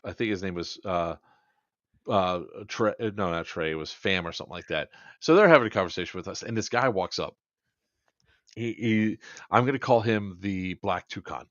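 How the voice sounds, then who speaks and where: A man's voice: lowish voice, moderate pace, dry recording, highs cut off. A man co-hosting a podcast, telling a long funny story in a casual chat and quoting people back and forth. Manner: animated anecdote-telling, quoting others in dialogue. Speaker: podcast co-host.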